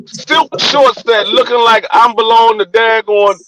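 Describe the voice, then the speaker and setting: A man's voice: very high-pitched, unhurried, a crowd in the background, rough recording. A young man from Washington, D.C., speaking with a D.C. accent, telling a story in casual podcast chat and acting out the lines of everyone in it. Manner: animated storyteller acting out quoted dialogue, profane. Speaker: podcast co-host.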